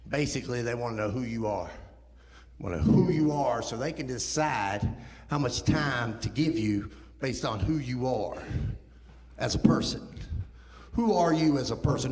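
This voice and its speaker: A man in his thirties giving a guest testimony at church, telling his life story with impassioned, rising emotion. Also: mid-range voice. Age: 30s. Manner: impassioned storytelling, rising to near-shouting at peaks. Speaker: guest speaker. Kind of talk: testimony talk. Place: church sanctuary. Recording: roomy church hall reverb.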